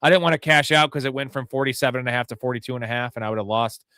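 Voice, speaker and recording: Bright, crisp-voiced tipsy male host. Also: medium pitch, very fast, no echo, studio quality. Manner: profane, rambling, joking. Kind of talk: live fantasy football show banter.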